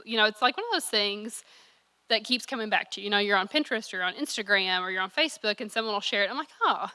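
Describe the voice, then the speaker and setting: A young woman speaks with a Kentucky accent and a bright, forward tone. She gives a keynote at a summit in a candid, chatty way, poking fun at herself. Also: medium pitch. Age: young adult. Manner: candid, chatty, self-deprecating, with laughs. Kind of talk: personal speech at a summit.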